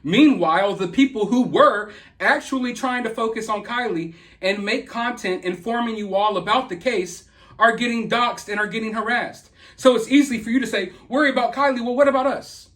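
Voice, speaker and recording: A YouTube commentator with a Southern US accent speaks in a very high-pitched, somewhat bright voice at normal speed. He delivers a heated, confrontational rant to his viewers.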